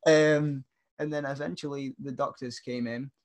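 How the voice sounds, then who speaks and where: A man's voice: mid-range voice, moderate pace. Young British man telling a story. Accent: British English. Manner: rambling, animated, laughing through the story. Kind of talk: casual storytelling chat.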